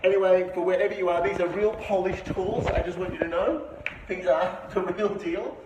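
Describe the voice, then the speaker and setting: Chatty man livestreaming, upbeat, slightly higher voice. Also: steady tone, moderate pace. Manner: chatty, enthusiastic, greets viewers by name. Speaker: livestream host. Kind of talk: live-streamed vlog chat. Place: indoor room with a window view. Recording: noisy livestream audio.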